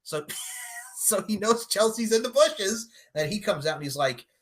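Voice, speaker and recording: A man's voice: sits high, expressive, measured pace. A man co-hosting a podcast, casually recapping a movie with lots of laughter and offhand swearing. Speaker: podcast co-host.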